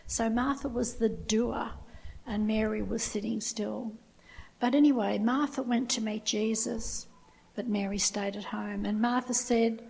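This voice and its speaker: A woman's voice: fairly high pitch, fairly even intonation, moderate pace, vocal fry, darkish tone, breathy edge, rough recording. A woman teaching from the Bible in a conversational way, retelling the story and adding her own asides. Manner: retells scripture with personal asides.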